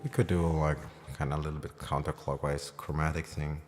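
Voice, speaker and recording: Super deep voiced guy rambling through a late night piano stream, lots of reverb. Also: fairly quick. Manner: rambling, thinking aloud with many fillers; self-described as loud when excited. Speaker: piano teacher streaming live. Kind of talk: casual livestream piano lesson. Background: piano playing.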